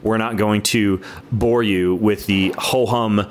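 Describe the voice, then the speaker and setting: A man's voice: fairly low pitch, steady tone, takes it slowly, slight background noise. Upbeat joking male podcast host. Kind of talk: casual podcast intro chat.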